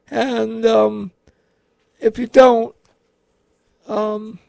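A man co-hosting a radio show, talking casually in a slow, halting way with many pauses. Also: very high-pitched, flat delivery, creaky, a little mellow, dry recording. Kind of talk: casual on-air chat.

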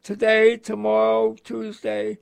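A man in casual radio chat, explaining in slow, rambling, halting sentences as a gardening expert. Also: sits high, monotone, vocal fry, clear, resonant tone, no room sound.

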